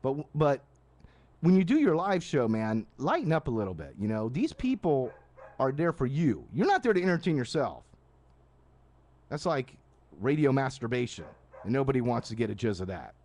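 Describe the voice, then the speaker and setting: Male radio host, late-night live rant, animated pitch, casual and rambling. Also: moderate pace. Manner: animated, casual, frequent restarts and asides. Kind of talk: live ranting monologue. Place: live stream studio at night.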